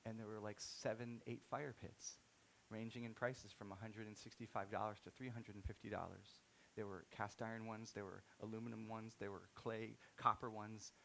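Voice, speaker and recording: A man in his thirties preaching a sermon, telling a story and swinging from soft-spoken to loud, excited outbursts. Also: fairly low pitch, vocal fry, a little hiss or hum. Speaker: pastor.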